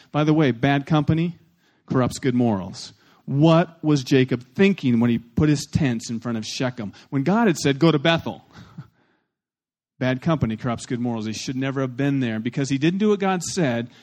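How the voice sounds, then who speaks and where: A pastor preaching a sermon. He is animated and plain-spoken, with blunt humor, and he leads the congregation in repeating phrases. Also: mid-range voice. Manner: animated, swings between loud emphasis and soft asides.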